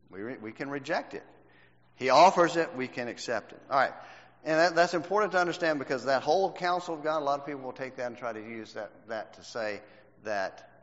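A man's voice: medium pitch, a bit bright. Man teaching a Bible class in a hall. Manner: quizzes the class with questions, emphatic. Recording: dull lo-fi recording in a reverberant hall.

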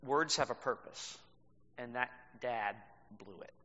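A man preaching a sermon as pastor, telling a story with animated delivery and laughs. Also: medium pitch, unhurried. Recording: reverberant hall, dull sound.

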